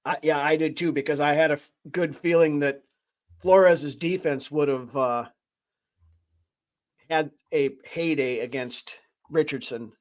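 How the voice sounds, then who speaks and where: Man, slightly high voice, podcast host, casual sports chat, rambling. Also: steady tone, unhurried. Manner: rambling, thinking aloud.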